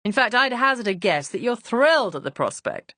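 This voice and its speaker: A woman narrator puts on a dry, teasing gentleman of leisure. He talks slowly and lightly, in a lowered tone. The reading is dry and close. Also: very animated, no echo. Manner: languid, unhurried, teasing. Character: dry, teasing aristocratic husband.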